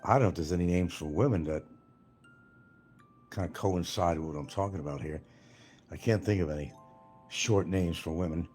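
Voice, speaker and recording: A man's voice: deep voice, normal speed, pauses often, darkish tone, soft background music. An older retired man hosting a livestream, rambling casually from topic to topic and swearing freely. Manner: meandering, swears freely, jumps between topics. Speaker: livestream host.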